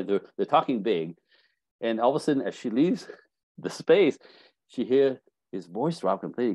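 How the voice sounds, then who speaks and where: Animated male relationship coach, low mellow voice. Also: a little fast, dry recording, low-quality recording. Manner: animated storyteller acting out quotes. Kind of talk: casual advice interview.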